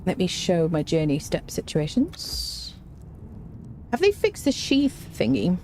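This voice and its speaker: A woman's voice: lowish voice, wildly swooping pitch, takes it slowly, a little mellow, slight background noise. Wry woman playing a game. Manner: chatty, wry, talks to her cat. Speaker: gaming streamer. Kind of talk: casual gameplay commentary.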